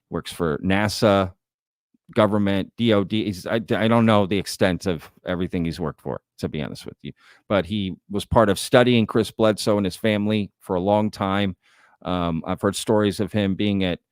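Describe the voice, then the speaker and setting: A man from Texas talks loosely through his live stream, folksy and chatty as he addresses his viewers. His voice sits a little low and sounds smooth and clear. It is recorded dry and close to the mic. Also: dry recording. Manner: casual, chatty, folksy with "y'all". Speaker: host. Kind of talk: live-stream news commentary.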